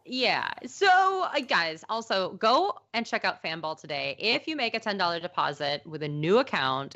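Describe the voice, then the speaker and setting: Lively, bright-voiced fantasy football co-host woman. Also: lowish voice. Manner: chatty, laughs easily, reads ad copy quickly. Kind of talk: casual live-stream chat. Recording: slightly dull lo-fi live-stream audio.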